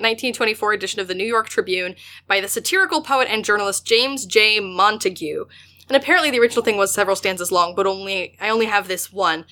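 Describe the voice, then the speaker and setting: A young woman co-hosting a podcast in casual chat, with a dry, teasing, deadpan humor. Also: mid-range voice. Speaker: podcast co-host.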